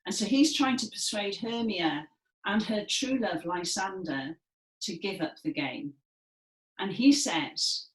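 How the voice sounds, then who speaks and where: Woman instructor, mid-pitched and unhurried, cheerful class guidance, roomy echo. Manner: slow, clear and encouraging, with dramatic emphasis. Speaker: movement and music session leader. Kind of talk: instructing a gentle seated movement class. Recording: echoey room.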